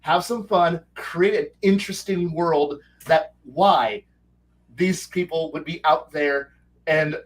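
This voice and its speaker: Man, podcast guest, rambling and animated, somewhat high voice, a bit off-mic. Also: distant mic, a little hiss or hum, low-quality recording. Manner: rambling with many false starts and restarts; animated, breaks into quick character voices. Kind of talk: casual chat.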